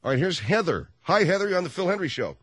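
A man hosting a radio call-in show, telling a story with lots of energy and acting out both sides in a high mock voice. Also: big pitch swings, fast, a bit bright, breathy edge, no room sound. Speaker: radio talk show host.

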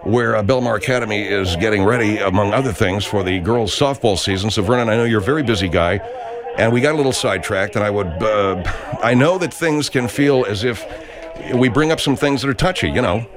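A man's voice: lowish voice, brisk, crowd noise. A man hosting a comedy talk radio show, chatty and wry as he plugs the show.

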